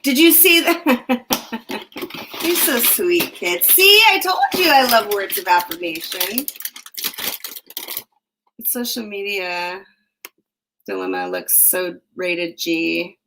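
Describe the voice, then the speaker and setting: A woman's voice: fairly low pitch, sing-song, takes it slowly, long pauses, background noise. A woman casually chatting on a live stream from her home, reading viewer comments and gossiping while eating breakfast. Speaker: livestream host. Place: home under construction. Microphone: phone.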